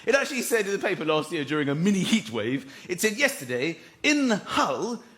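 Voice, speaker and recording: Brief: male comic, high lively voice, theatre reverb, loud laughing crowd. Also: brisk. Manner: animated storytelling, acting out characters. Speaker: stand-up comedian. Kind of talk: stand-up comedy. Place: large theatre stage.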